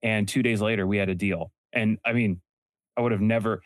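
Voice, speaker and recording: Young male guest, lowish pitch, dry close mic, earnest, restarts sentences. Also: steady tone, dry recording. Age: young adult. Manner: earnest storytelling, quick self-corrections. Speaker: podcast host and entrepreneur guest. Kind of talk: casual interview talk.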